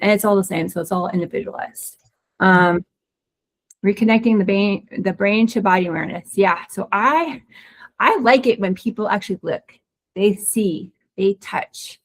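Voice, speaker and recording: Woman with a gravelly voice explaining pelvic health. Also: medium pitch. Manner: fast, excited talker with frequent restarts. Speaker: pelvic floor physical therapist. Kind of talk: webinar presentation, casual explanation.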